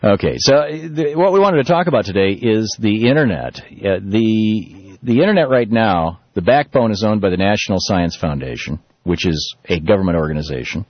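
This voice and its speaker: Husky-voiced talk radio host, lively. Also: male voice, lowish voice, normal speed, few pauses, no echo. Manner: loose, animated delivery with many restarts and fillers. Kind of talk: political talk radio monologue. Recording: muffled lo-fi radio broadcast.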